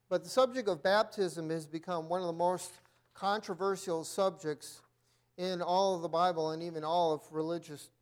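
High voiced church guy teaching bible class, keeps clearing his throat. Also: fairly even intonation, normal speed. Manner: frequent throat clearing, reads aloud from notes.

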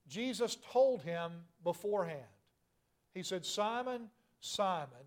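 Man preaching, high voice, earnest, scripture reading with explanation. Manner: rises in pitch and volume at emphatic points. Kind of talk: sermon.

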